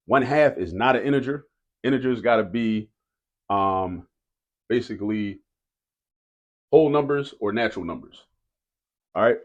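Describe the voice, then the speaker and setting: In a lowish voice, a man teaches math, speaking casually and directly to his students. He repeats each key rule for emphasis.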